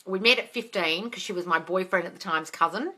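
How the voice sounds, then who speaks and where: A woman in her forties answering viewers' questions on a phone livestream at home, blunt and exasperated, swearing and often shouting. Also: lowish voice, fairly quick. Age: 40s. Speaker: manifesting coach answering live questions.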